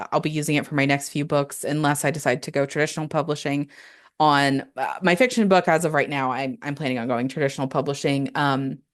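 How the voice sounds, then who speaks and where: A woman hosting a podcast, talking casually and candidly, with playful asides. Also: low voice. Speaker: podcast host. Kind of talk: casual solo podcast talk.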